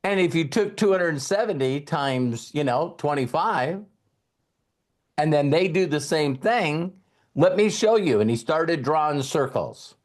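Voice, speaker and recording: Speaking slowly with a fairly high, expressive voice, a male motivational speaker tells a story to his listeners. He recreates a past exchange in a conversational manner, adding emphasis.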